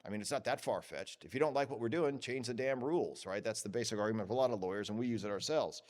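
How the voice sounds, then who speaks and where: A man giving a lively, joking lecture at a conference, acting out what others say. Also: fairly low pitch, fast talker. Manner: lively, joking, acts out quoted voices. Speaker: conference speaker. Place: conference hall.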